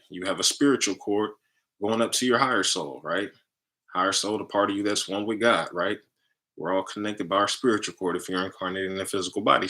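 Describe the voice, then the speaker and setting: Deep-voiced man pitching energy healing. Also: pushed and bright. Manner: chatty, tags nearly every phrase with "right?". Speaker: spiritual healer and content creator. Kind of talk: casual promotional monologue.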